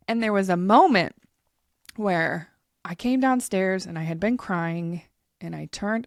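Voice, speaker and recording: A woman's voice: medium pitch, a little slow, dry recording, studio quality. A woman in her thirties hosting a podcast, telling a personal story in a candid, emotional way and swearing freely. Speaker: podcast host.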